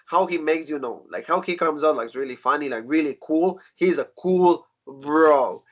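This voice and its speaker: A man with a somewhat high-pitched voice co-hosts a casual podcast. He recaps events in an easygoing way, with plenty of filler. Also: brisk. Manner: relaxed recapping with fillers like "you know". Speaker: wrestling podcast co-host.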